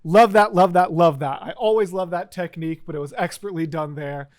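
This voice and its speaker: A man's voice: sits high, brisk, background noise. A man hosting a music reaction video, talking in a casual, enthusiastic way and gushing with repeated exclamations.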